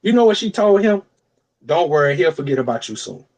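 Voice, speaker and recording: With a fairly high pitch and a brisk delivery, this young male co-host narrates an extended story on a podcast. The talk is casual and profane, and he brings it to life by imitating the voices of the people he quotes.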